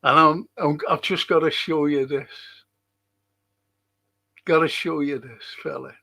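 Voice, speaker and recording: A man's voice: on the high side, fairly even intonation, unhurried, gravelly. A man hosting a livestream, chatting casually and reading viewer comments aloud. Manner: reads viewer comments aloud, chatty and warm-hearted asides. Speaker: livestream host reading chat.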